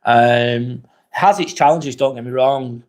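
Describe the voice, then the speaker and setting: A man hosting a casual live vlog, reading viewer comments in a relaxed, chatty way and asking lots of questions. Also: medium pitch, measured pace. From England.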